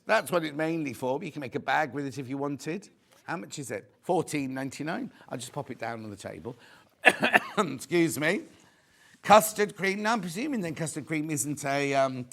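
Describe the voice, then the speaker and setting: A man's voice: a little high, creaky. A man with a British accent hosting a live shopping channel, chatting and reading out viewer comments. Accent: British English. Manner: chatty, camp asides, reads viewer comments aloud. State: a bit out of breath. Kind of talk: live TV sales presenting.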